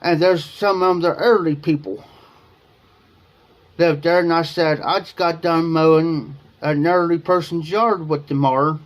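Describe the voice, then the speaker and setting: A livestream host from Ohio tells viewers a long personal story, rambling, repeating himself and quoting what was said. His voice is a little high, steady in tone and unhurried.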